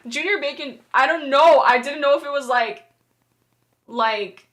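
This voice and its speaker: A woman's voice: sits high, expressive, slow, fairly bright tone. A young woman streamer chatting casually with her viewers, often laughing and apologizing as she reads chat.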